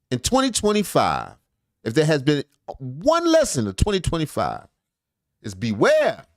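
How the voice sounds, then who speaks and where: Male reaction host, lively rambling commentary, dry close sound. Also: on the low side, dry recording. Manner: animated, rambling, jokey asides. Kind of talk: casual commentary reacting to a video.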